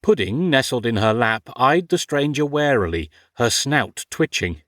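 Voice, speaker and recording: Male audiobook narrator, steady and wry, dry close mic. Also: mid-range voice, dry recording. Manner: measured, wry storytelling. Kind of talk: scripted narration.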